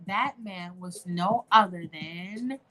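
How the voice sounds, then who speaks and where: A woman's voice: lowish voice, takes it slowly, heavy background noise. A young woman hosting an online show, reading a fan-fiction story aloud in a chatty, casual way and addressing listeners directly. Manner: chatty, talks to listeners as "y'all".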